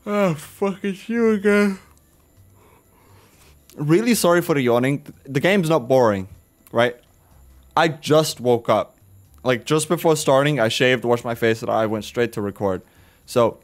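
A man playing a horror game on his channel, reading its text aloud and reacting with swearing and jokes. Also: medium pitch. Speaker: gaming video host. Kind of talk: casual horror game commentary.

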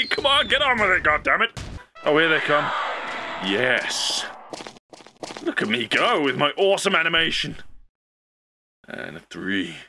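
A young man doing excitable let's play commentary, laughing and swearing as he plays. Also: a little high. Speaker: gaming YouTuber. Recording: faint game music behind. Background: faint game music.

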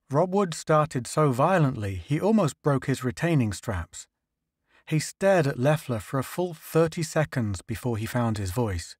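A man narrating a science fiction story in a steady, even storytelling manner. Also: medium pitch, measured pace, slightly rough, no room sound, studio quality. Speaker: audiobook narrator. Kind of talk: scripted narration.

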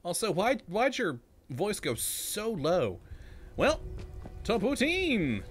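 A man's voice: high-pitched, huge pitch swings, slow, faint music behind. A man hosting a let's-play video, chatting casually to himself and laughing often as he plays. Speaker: gaming channel host.

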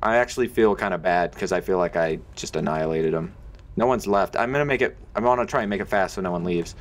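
A man's voice: low-pitched, fast. A man giving casual gaming commentary as a let's play host, joking and explaining the game rules at length.

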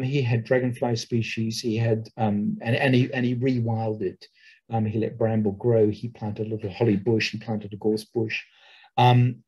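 A husky-voiced man talks over a video call, presenting a webinar in an unhurried, rambling way. His pitch sits at an ordinary middle level for a man. He keeps going back over his words, with frequent ums and half-started phrases. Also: rough recording. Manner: relaxed, rambling, with many ums and restarts. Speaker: nature reserve owner giving a webinar talk.

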